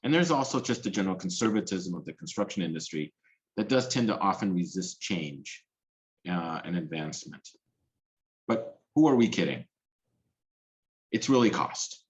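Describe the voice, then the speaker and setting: Deep-voiced man giving a webinar talk. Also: lively intonation, moderate pace, long pauses, rough recording. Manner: earnest, with frequent restarts and fillers. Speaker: policy specialist presenting a talk. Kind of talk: webinar presentation.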